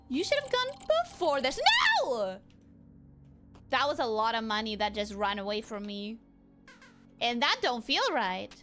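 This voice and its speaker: Woman game streamer, lively, swinging pitch, unhurried delivery, repeats herself and swears when rattled. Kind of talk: live gameplay commentary.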